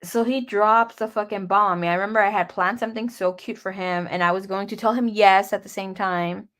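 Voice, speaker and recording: A woman's voice: medium pitch, fairly even intonation, a little fast, fairly bright tone. A young woman tarot reader talks straight to her viewers in a loose, chatty way. She is candid and dramatic, and she swears often as she tells her story. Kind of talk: casual personal storytelling.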